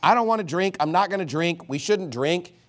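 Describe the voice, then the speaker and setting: Emphatic preaching man, fairly high voice. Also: animated, brisk. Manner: emphatic, preaching with sudden swings in volume and pace. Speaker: pastor. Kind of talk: fiery sermon.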